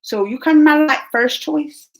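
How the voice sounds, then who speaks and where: Her voice is high and her pace is normal. As the host of a YouTube reaction channel, she chats loosely with her live-stream audience, laughing often and gushing freely.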